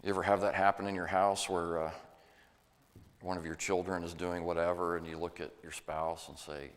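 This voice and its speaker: A man's voice: deep voice, moderate pace. A man preaching a sermon in an earnest, folksy way, sometimes acting out the voices he quotes. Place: church sanctuary. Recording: long church reverb.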